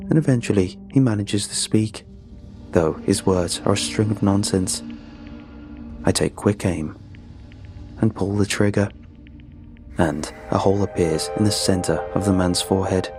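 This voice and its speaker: A man giving a measured, grim first-person narration of a horror story. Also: sits low. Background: background music.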